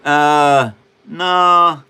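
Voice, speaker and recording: A man's voice: fairly high pitch, fairly even intonation, drawn-out words, pushed and bright, smooth. A man in his seventies hosting a casual livestream, joking and rambling with frequent laughs. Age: 70s. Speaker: livestream host.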